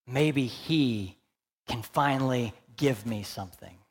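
A man voicing a desperate blind male beggar who pleads low and urgently. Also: takes it slowly, breathy edge. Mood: pleading.

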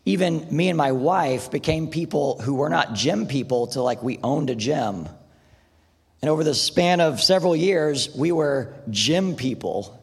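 A pastor with a husky, mid-range voice preaches a sermon in a casual, conversational style, often saying "like" and "right?". The recording has a long hall reverb.

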